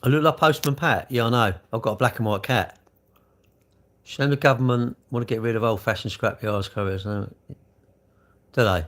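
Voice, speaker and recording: Man, live stream host, casual chat, rambling, self-deprecating, jokey, mid pitch. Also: normal speed, pauses often, fairly bright tone. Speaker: livestream host.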